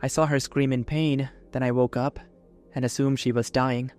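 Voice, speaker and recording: A man voicing an anxious young male Jedi who speaks in a nervous, hurried way. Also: mid-range voice, little pitch movement, a little mellow, clear, resonant tone, soft background music, lightly acted.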